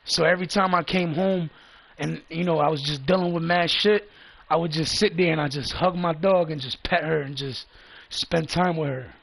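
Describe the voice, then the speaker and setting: A man's voice: fairly high pitch, normal speed, vocal fry, fairly bright tone. A man telling a loose, profane story in a casual vlog, often repeating himself. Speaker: vlogger.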